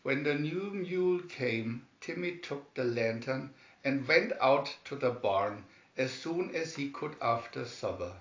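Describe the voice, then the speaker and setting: A man reading a children's storybook aloud in a slow, measured way. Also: mid-range voice, lively intonation, fairly bright tone. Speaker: storybook reader. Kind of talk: read-aloud storybook narration. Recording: roomy, dull lo-fi sound.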